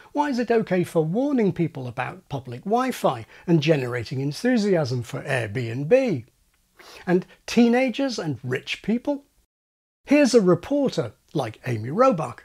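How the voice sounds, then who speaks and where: A man's voice: high-pitched, a little mellow, breathy edge. A man hosting an educational video, explaining speech with wry asides. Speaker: channel host explaining speech.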